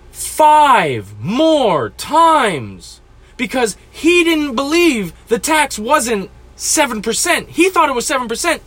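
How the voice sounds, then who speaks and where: Podcast host, 20s man, angry profane storyteller, bright sharp voice. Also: extremely high pitch. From New Jersey. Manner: furious, profane, ranting.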